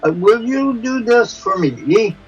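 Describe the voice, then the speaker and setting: A man reading a courteous, pleading male officer in a husky voice, for an amateur play read over a video call. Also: high voice, big pitch swings, takes it slowly, soft background music, exaggerated voice. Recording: dull lo-fi video call audio.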